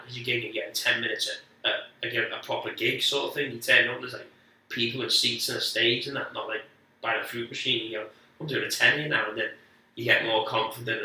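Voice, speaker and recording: In a strongly echoing room, a little removed from the microphone, a guest comedian with a piercingly bright mid-range voice shares rambling, profane podcast anecdotes, punctuated by quick jokes at his own expense.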